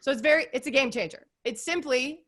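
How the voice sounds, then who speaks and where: A woman's voice: sits high, brisk. A woman in her forties, a guest on an interview podcast, talking in a casual, upbeat and earnest way with lots of filler words. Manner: upbeat, warm, earnest with lots of "like" and "you guys".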